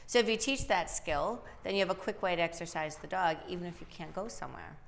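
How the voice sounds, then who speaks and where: A woman dog trainer with a fairly low voice answers viewers' questions in a live advice chat. She explains in a lively way and often slips into little acted-out voices for dogs and owners. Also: quick pace, vocal fry, a little hiss or hum.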